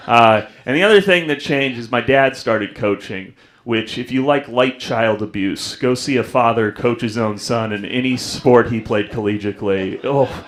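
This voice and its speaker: Stand-up comic, young man, story-driven set, jumps into character voices. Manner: storytelling, acts out voices with big pitch jumps. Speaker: stand-up comedian. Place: comedy club stage.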